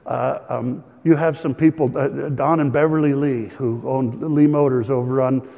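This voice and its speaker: A man's voice: medium pitch, fairly even intonation, normal speed, gravelly, warm tone, highs cut off. A middle-aged man pastor preaching a sermon, telling stories with chuckles and fillers. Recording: long hall reverb.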